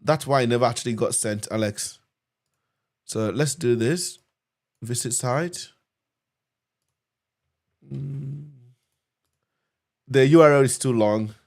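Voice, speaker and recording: A man's voice: mid-range voice, slow pace, long pauses, a little mellow. A man hosting a live screen-share tutorial on cybersecurity, chatty and upbeat, talking straight to his viewers. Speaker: cybersecurity instructor hosting a live learning session.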